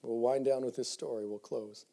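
Fervent preacher, dark-toned man. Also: medium pitch, fairly even intonation, normal speed, vocal fry. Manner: builds from quiet reflective passages to loud fervent exhortation; reads scripture in King James wording, with repeated restarts. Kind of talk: sermon to young people.

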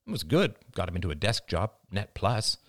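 A man's voice: low voice, very animated, fairly quick, fairly bright tone, no echo, studio quality. A man voicing a tense, pragmatic father on the run who argues in a blunt, matter-of-fact way. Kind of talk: audiobook character reading.

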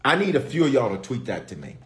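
A middle-aged man preaching a sermon as a bishop, animated and playful, calling out to his listeners. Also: medium pitch, fast. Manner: animated, call-and-response preaching with playful asides.

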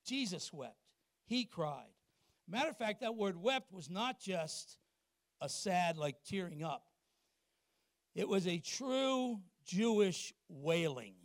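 A middle-aged man preaches a sermon in church with a notably high voice. He punches key points loudly, then drops to quiet, confiding asides, and keeps turning to the congregation with questions. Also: sing-song, slow, dry recording, clean studio sound. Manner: asks the congregation questions and acts out little exchanges. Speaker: pastor.

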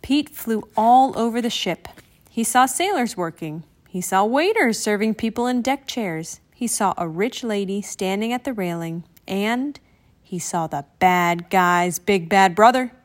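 A woman reading a children's picture book aloud in an expressive, animated way. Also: medium pitch, a little slow. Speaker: storybook reader.

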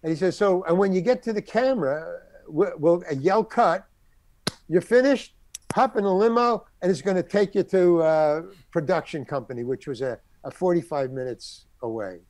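An older man, a character actor, recounts a story from his career during a casual interview, acting out what other people said. His voice is high and his pace moderate, captured in a dry recording. He tells the anecdote in an animated way, performing the quoted voices.

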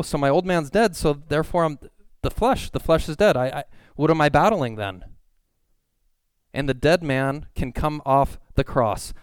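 A man's voice: on the high side, smooth, no echo. A young man preaching a sermon as pastor, earnest and emphatic, building on repeated phrases. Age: young adult.

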